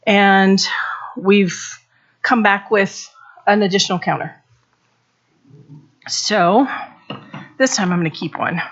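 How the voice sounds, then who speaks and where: A woman's voice: mid-range voice, a bit bright, lo-fi sound. Winded woman at a bargaining table. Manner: winded, apologetic, plain-spoken. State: out of breath. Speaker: district negotiator. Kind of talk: public bargaining session remarks.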